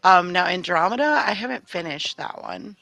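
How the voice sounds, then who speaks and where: Bright, gravelly woman co-host, lively storyteller, dry close mic. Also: on the low side, moderate pace, no room sound, low-quality recording. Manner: animated storyteller who acts out quotes, laughs often. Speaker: podcast co-host. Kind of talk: casual chat.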